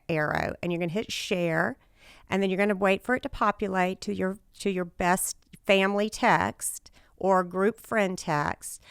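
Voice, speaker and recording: A middle-aged woman with a raspy voice, hosting her own podcast in chatty, enthusiastic talk. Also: medium pitch, fairly bright tone, dry recording, clean studio sound. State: raspy voice after a loud night. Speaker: podcast host. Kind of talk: casual solo podcast talk.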